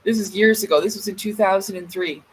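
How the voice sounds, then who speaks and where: A Canadian woman in her thirties livestreams from home, standing by a door while smoking and telling a funny story; she laughs and catches herself swearing. Her mid-range voice is steady, fast, and slightly rough, and the audio is poor.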